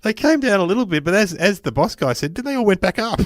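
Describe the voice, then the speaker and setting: A middle-aged man, co-hosting a podcast and telling anecdotes in a relaxed, chuckling way. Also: high-pitched, quick pace. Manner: laid-back, storytelling, chuckles often. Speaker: podcast co-host. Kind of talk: casual chat.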